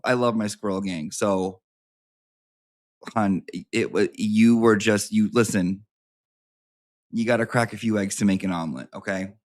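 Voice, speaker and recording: A man with a fairly low, slightly mellow voice talks at normal speed. He's casually addressing his channel's live viewers, reading out their emails with a campy, sassy flair, peppering it with swearing and side comments.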